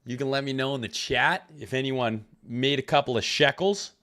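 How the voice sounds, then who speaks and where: A man with a mid-range voice hosts a crypto trading livestream at a moderate pace, sounding pushed and bright. He chats loosely, swears freely, and reads viewers' names aloud from the chat as he greets them. He is recovering from an illness.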